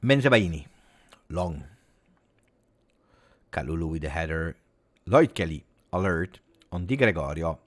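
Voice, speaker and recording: Guy doing live match play-by-play, kinda low voice, gets excited and shouty. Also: a little slow, long pauses. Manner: excitable play-by-play with Italian exclamations. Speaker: football watch-along streamer. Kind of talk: live match reaction commentary.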